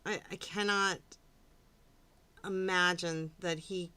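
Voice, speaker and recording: A woman co-hosting a podcast, reacting to a recorded call in a sarcastic, expressive way. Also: fairly low pitch, slow, smooth. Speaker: podcast co-host.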